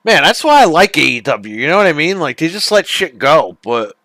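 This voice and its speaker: A man's voice: on the high side, sing-song, a little fast, pushed and bright, no room sound. A man hosting a casual online gaming chat, ranting with heavy profanity. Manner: profane, ranting about wrestling. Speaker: podcast host.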